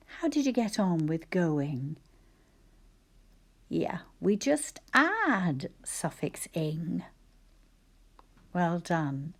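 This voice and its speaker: A woman teacher dictating spelling sentences slowly and carefully, often whispering the sounds and syllables of words. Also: lowish voice, big pitch swings, creaky. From Scotland. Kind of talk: slow spelling dictation lesson.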